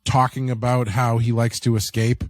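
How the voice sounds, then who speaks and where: Rambling male co-host, casual cussing, mid pitch, dry close mic. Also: little pitch movement, normal speed, dry recording. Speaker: podcast co-host. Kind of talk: casual review chat.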